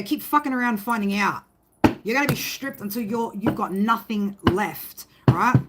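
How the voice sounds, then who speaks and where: A woman with a slightly high voice gives a casual spoken tarot reading against a noisy background. She's rambling and emphatic, swears freely, and often tags her sentences with "right?".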